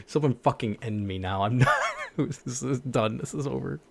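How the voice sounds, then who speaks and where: A young man who is a voice actor streams a casual chat with viewers in a gravelly, husky, medium-pitched voice at normal speed. He rambles, says "like" a lot, and laughs at himself.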